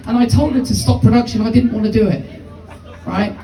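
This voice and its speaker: Swearing comedian, dark and distant. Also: male voice, very high-pitched, normal speed, pauses often, a little hiss or hum. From United Kingdom. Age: 50s. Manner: rambling, profane storytelling. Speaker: stand-up comedian. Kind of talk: live stand-up comedy. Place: small comedy venue with audience. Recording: distant, echoey live room.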